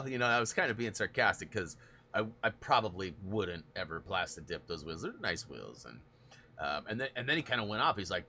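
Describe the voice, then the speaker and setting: A man's voice: lowish voice, expressive, fairly quick, sharp tone, slight background noise. A man hosting a gaming stream, chatting casually and rambling through long stories with frequent laughs. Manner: rambling storyteller, laughs often. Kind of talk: casual chat while gaming.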